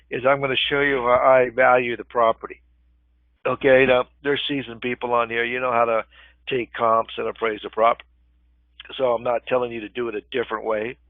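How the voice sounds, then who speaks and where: An older man with a gravelly voice leads a live webinar in a relaxed, conversational way, pausing often to check in with his listeners. The audio is thin and phone-like. There is no room echo at all. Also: medium pitch. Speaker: real estate webinar instructor. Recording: tinny phone-line webinar audio, dry.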